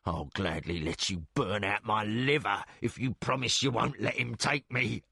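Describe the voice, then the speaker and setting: A man voicing a terrified male thief with a hoarse voice, pleading near tears in an audiobook reading. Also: lowish voice, a little slow, bright, forceful tone, no room sound, studio quality, exaggerated voice. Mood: hysterical defiance.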